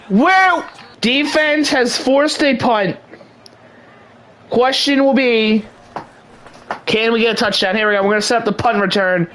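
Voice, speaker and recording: A young man giving excited play-by-play commentary over a video game in a hyped, mock sports-announcer manner. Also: extremely high pitch, poor audio. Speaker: gaming channel host.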